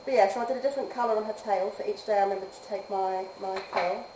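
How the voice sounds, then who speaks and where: A woman who teaches adults chats casually through a game live stream, laughing often. Her talk drifts from soft murmurs to lively bursts. The room sounds roomy and echoing, with faint noise underneath. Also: mid-range voice, quick pace.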